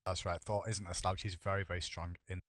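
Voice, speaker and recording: Casting a live esports match, a man delivers play-by-play while joking and bantering with his co-caster between calls. His voice is low and level yet fairly bright, and he talks fast.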